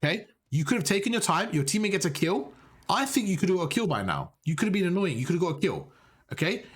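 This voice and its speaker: Quick talking guy breaking down a ranked match for a student, kinda high voice, keeps saying bro. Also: slightly rough. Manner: animated, direct, repeats points, calls listener bro. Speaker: gaming coach. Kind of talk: coaching review of gameplay footage.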